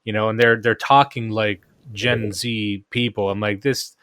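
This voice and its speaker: A man's voice: on the low side, level tone, unhurried, a bit bright, no echo, studio quality. A man in casual podcast chat who speaks in a blunt, offhand and opinionated way. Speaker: podcast guest or co-host.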